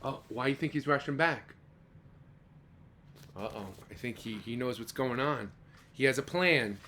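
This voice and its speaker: A man reading a children's picture book aloud, animated and stopping to ask the young listener questions. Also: mid-range voice, normal speed, a little hiss or hum. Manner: animated, asks the listener questions, gasps and exclaims. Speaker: children's storyteller.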